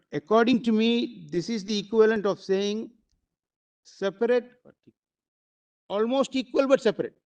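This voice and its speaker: A man's voice: sits high, creaky, darkish tone, lo-fi sound. A man arguing before a court, formal and deferential, addressing the bench constantly and sometimes hesitating with fillers. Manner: hesitant at times, with fillers and restarts. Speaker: advocate. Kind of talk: courtroom argument.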